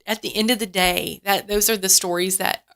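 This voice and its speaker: A woman's voice: medium pitch, fairly even intonation, brisk, fairly bright tone. A woman guest on a radio talk show, telling a story earnestly with many restarts. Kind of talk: casual radio chat.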